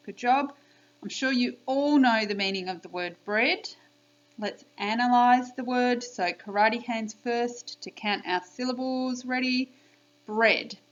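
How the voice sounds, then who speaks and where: A woman teacher giving a spelling lesson by video to young children, clearly sounding out letters and praising them. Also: a little high, muffled recording. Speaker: primary school teacher.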